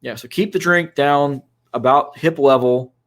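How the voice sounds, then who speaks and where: A man's voice: on the high side, unhurried. Man giving advice on a podcast. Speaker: co-host. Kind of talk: casual podcast discussion.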